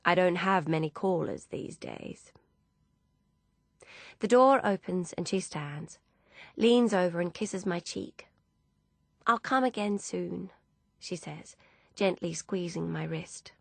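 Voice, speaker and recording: Female audiobook narrator, measured delivery, gravelly low voice. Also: no echo. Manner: steady, measured storytelling. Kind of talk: scripted narration.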